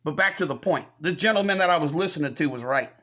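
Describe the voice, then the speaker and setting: An American channel host with a slightly high, bright, forceful voice fires off a combative, expletive-heavy rant at his viewers. He talks fast and expressively, staying scornful and confrontational from start to finish in this ranting commentary.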